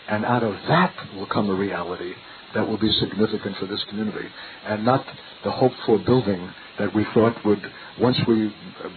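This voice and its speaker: An older man preaching a sermon in an earnest, searching way, full of rhetorical questions. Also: fairly low pitch. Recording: tinny lo-fi recording with faint hiss.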